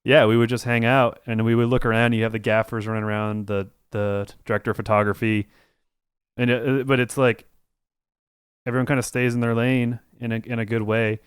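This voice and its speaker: A man's voice: medium pitch, little pitch movement, brisk, clear, resonant tone, no echo, studio quality. A man co-hosting a podcast, chatting casually and rambling through his stories with lots of "like" and restarts. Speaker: podcast co-host. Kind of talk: casual chat.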